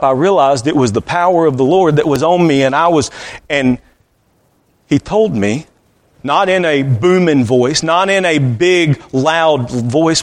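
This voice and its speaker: A man preaching a sermon, telling a story in an earnest voice that sometimes sinks to a soft hush. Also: a little high. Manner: earnest, drops to a soft hushed voice at times.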